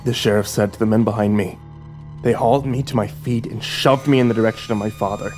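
A man reading a dark story aloud in the first person, with a low, measured, grim delivery. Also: steady tone. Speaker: narrator. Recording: faint background music.

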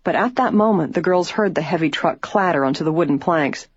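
A woman giving steady, scripted narration of a storybook. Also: lowish voice, brisk, slightly rough, no room sound. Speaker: audiobook narrator. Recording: dull lo-fi recording, faint music.

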